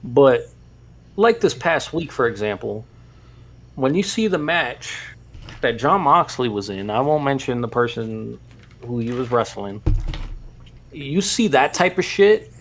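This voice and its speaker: Easygoing man in mid-pitch podcast chat. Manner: relaxed, halting, filler-heavy. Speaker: podcast co-host.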